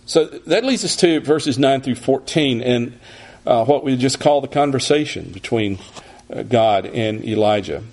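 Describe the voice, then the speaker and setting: A man giving an expository sermon, teaching in a measured way and often restarting his phrases. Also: mid-range voice, lively intonation, a little mellow.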